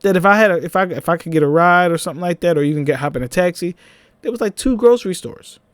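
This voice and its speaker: A young man with a Philadelphia accent, telling a personal story in a casual, animated vlog, with laughing asides. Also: sits high, fast, dry recording.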